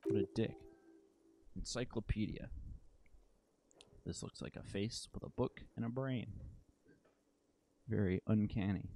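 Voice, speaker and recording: A man's voice: fairly low pitch, measured pace, vocal fry, long pauses, warm tone, slight background noise. A man playing a game and commenting in a casual way with wry, joking asides. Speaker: let's play host. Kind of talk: casual game commentary, reading text aloud.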